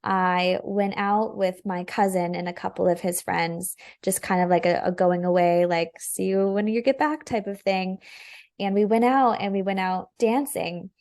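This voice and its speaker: A young woman shares a personal story as an interview guest. She talks in an earnest, candid way and scatters filler "likes" through her sentences. Her pitch sits in the middle range. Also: steady tone, normal speed, a little mellow.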